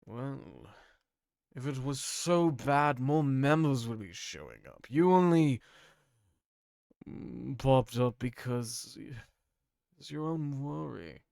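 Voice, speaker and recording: A man's voice: mid-range voice, expressive, takes it slowly, gravelly, long pauses, a little mellow, dry recording, clean studio sound. A man voicing a smug council member who brushes off concerns in a breezy, dismissive way. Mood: defensive.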